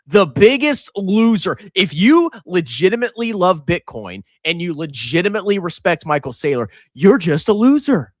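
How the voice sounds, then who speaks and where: A man doing loud, sarcastic reaction commentary as a finance channel host, reading out and mocking viewer comments. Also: high voice, very animated, normal speed, hardly any pauses, no echo, clean studio sound.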